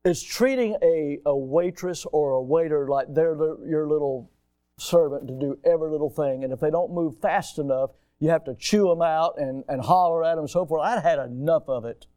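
Middle-aged male preacher, higher voice, dry close sound, sermon delivery that swings from hushed to shouting. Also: normal speed, dry recording. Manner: conversational preaching, swings from hushed asides to loud shouted outbursts. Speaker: pastor.

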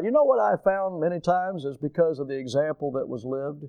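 A man preaching a sermon as pastor in a church, emphatic, asking the congregation rhetorical questions and swinging between loud bursts and quiet asides. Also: high-pitched, normal speed, few pauses, dry recording. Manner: emphatic preaching with rhetorical questions and sudden rises and drops in loudness.

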